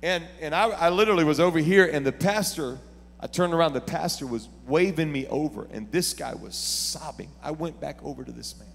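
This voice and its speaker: A man preaching a sermon as pastor, telling stories and building to shouted preaching. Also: a little high, brisk, gravelly, big-room sound. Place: church sanctuary.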